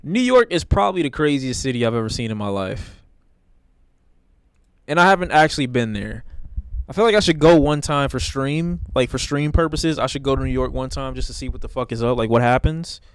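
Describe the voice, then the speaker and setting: Male streamer, mid pitch, blunt and profane reaction talk, dry close mic. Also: expressive, brisk, clear, resonant tone, dry recording. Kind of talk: casual stream commentary.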